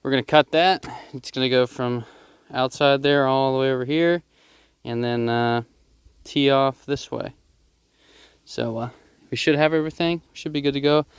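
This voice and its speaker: A man casually explaining a DIY job as he works outdoors, rough-spoken, swearing freely and joking at his own expense. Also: mid-range voice, fairly even intonation, normal speed, dry recording. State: out of breath at times. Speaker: DIY vlogger. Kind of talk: casual how-to narration while working outdoors. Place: outdoors at a digging site.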